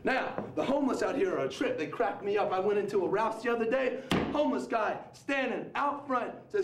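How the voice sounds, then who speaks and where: A male stand-up comedian doing his set, animated and fond of mimicking voices. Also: high-pitched, fast, hardly any pauses, recorded from a distance. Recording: echoey club with faint noise.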